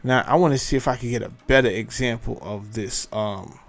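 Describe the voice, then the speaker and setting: A fairly quick talker with a medium pitch and vocal fry, this man hosts casual commentary as he browses clips. He rambles, breaks into his own remarks, and thinks out loud while looking things up.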